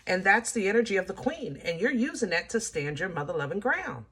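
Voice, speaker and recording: A woman giving a casual tarot reading, talking straight to her viewers in a chatty, animated way. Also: medium pitch, fairly quick, breathy edge. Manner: animated, chatty, laughs at herself, speaks to viewers as y'all. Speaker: tarot reader.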